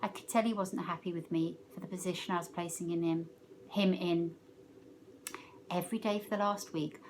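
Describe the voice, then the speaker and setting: A woman teacher reading a novel aloud, expressive, letting her loudness rise and fall with the story. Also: lowish voice, a little hiss or hum.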